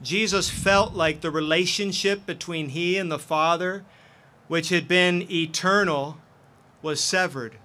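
A man's voice: sits high, measured pace, bright, forceful tone. A man preaching a sermon as pastor, earnest and impassioned.

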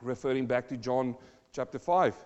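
A man's voice: medium pitch, normal speed, a little mellow. A male pastor preaching a verse-by-verse sermon, dramatically acting out the voices in the passages. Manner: dramatic, acts out the scripture voices with rising intensity. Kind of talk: sermon, verse-by-verse Bible teaching. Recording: dull lo-fi sound, long hall reverb.

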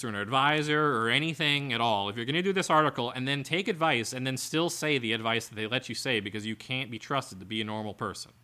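Man, podcast co-host, bright forceful tone, reads an article aloud, sarcastic exasperated commentary. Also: medium pitch, fast, hardly any pauses, clear, resonant tone. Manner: sarcastic asides, exasperated rants.

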